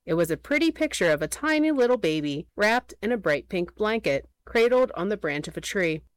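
A woman narrating a children's storybook aloud in an expressive, playful way. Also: medium pitch, fairly quick, dry recording.

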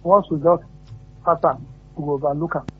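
A man's voice: on the high side, fairly even intonation, fairly quick, breathy edge. A man with a Nigerian accent calling in to a radio show, giving his opinion earnestly. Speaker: caller. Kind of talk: phone-in opinion. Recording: tinny phone line.

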